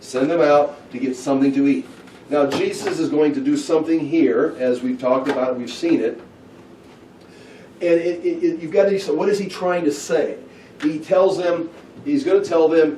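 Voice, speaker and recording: Man, Bible study teacher, slightly high voice, animated, recorded in an echoey room away from the mic. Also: a little fast, slight background noise. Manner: animated, acts out scenes with excited outbursts. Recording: echoey room, heard from a distance.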